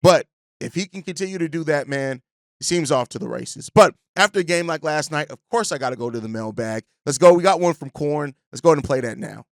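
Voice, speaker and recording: An earnest man hosts a casual sports podcast, his voice slightly higher than most men's. He talks in long run-on sentences and tags them with "right?". The sound is dry and close. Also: a little fast, no room sound.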